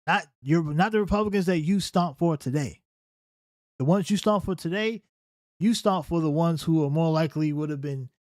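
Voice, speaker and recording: A man's voice: fairly high pitch, a little mellow, no echo, clean studio sound. A man hosting a political reaction commentary, talking emphatically and often checking in with "right?". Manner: emphatic, keeps asking "right?".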